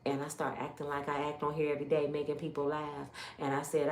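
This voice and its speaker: A woman in her fifties telling her life story as a testimony, acting out the voices of others and swinging from loud exclamations to hushed asides. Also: low voice, quick pace, hardly any pauses. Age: 50s. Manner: animated, acts out others' voices in quotes. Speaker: YouTube storyteller. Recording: roomy echo.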